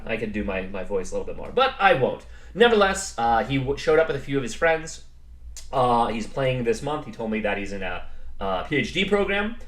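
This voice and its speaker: A man's voice: medium pitch, a bit bright. A man casually recapping his club chess game, rambling and self-deprecating, with many fillers and restarts. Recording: roomy echo.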